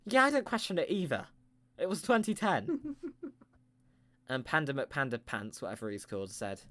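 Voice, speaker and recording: A man's voice: mid-range voice, very animated, moderate pace, long pauses, fairly bright tone. A man telling a rambling improvised comic story with playful, self-mocking asides.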